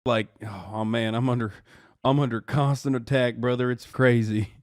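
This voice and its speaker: Reacting to a video on stream, a thirty-something man talks at normal speed in a steady mid-range voice, mocking bluntly with lots of slang and sudden bursts of loud laughter. The studio-quality sound has no echo.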